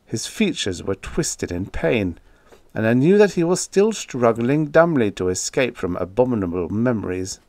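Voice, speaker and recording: Man narrating horror with measured dread. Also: mid-range voice, sing-song, darkish tone, dry recording. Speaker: audiobook narrator. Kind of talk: dramatic horror audiobook narration.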